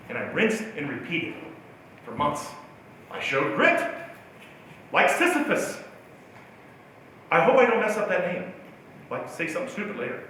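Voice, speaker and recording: Animated man telling a story in a hall. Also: high-pitched, slight background noise. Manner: animated, self-mocking storyteller. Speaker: motivational speaker. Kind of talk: storytelling keynote talk. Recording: echoey hall from far off.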